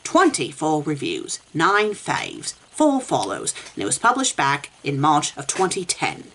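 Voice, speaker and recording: A woman with a low-pitched but very lively voice, reading fan fiction aloud for a comedic review. She talks in a sarcastic, exasperated way, and her delivery swings widely in pitch as she mocks what she reads. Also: measured pace.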